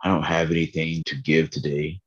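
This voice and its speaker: A man's voice: very deep voice, flat delivery, brisk, breathy edge, lo-fi sound. A tired man in a casual faith vlog, earnestly rambling about his morning prayer from his bedroom. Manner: earnest, rambling, laughs at himself.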